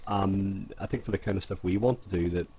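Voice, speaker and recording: A low-voiced Irish man rambles through a casual podcast chat, mocking himself as he goes. Faint background hum sits under a call recording. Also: dark tone. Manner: rambling, self-mocking, quick bursts of laughter. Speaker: podcast co-host.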